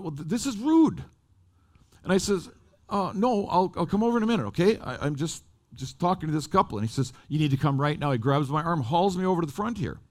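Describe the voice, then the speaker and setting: A man preaching at a camp meeting, telling a personal story in an animated, conversational way. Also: on the high side. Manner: animated, rising and falling with the story. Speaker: lay preacher. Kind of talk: storytelling sermon.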